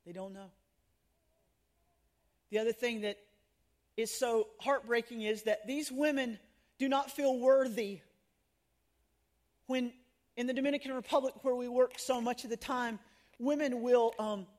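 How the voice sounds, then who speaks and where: A middle-aged woman telling stories in a sermon to women, animated and laughing at herself, acting out the people she quotes. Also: a little high, measured pace, pauses often. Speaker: women's ministry speaker.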